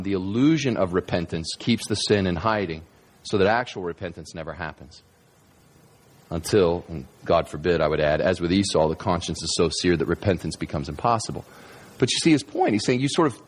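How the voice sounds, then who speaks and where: A man preaching a sermon in a conversational, animated storytelling manner, with many restarts. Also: on the low side, slightly rough. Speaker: pastor.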